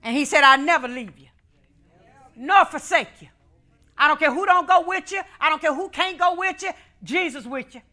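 High, bright-voiced fervent woman preacher. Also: normal speed. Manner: fervent, rhythmic, repeats phrases, swings from hushed to shouting. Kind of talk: call-and-response sermon.

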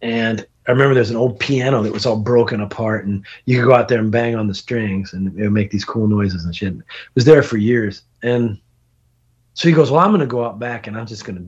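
A middle-aged man, a podcast guest, telling a long road story in casual, animated talk, swearing and laughing as he goes. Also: fairly low pitch, moderate pace, breathy edge. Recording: dull lo-fi podcast audio.

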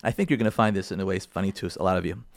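A rabbi giving an informal talk, animated and direct, repeating phrases for emphasis and putting questions to his listeners. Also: low-pitched, rapid-fire, vocal fry, no echo, studio quality. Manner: addresses the audience with questions.

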